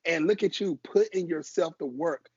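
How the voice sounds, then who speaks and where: A man's voice: on the high side, moderate pace, a little mellow, breathy edge, no echo. A male podcast host recapping his guest's story with emphasis, repeating words for effect. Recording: dry, dull, lo-fi mic.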